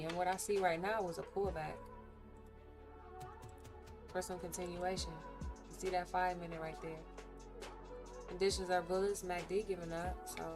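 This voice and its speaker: Low-voiced woman chatting while day trading. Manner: candid, animated, chatty with viewers. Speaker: livestreaming day trader. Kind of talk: casual live-stream chat while trading.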